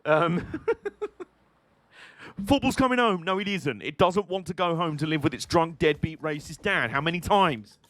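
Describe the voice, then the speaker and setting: A man's voice: a little high, moderate pace, hardly any pauses, a bit bright, no room sound. A British man streaming a video game, giving casual, joking and rambling commentary. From Britain.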